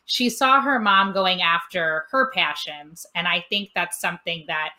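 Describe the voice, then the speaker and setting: A woman host from Cincinnati, chatting in a casual interview, effusive and quick to laugh, getting loud when excited. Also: fairly low pitch. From Cincinnati, Ohio. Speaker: podcast host.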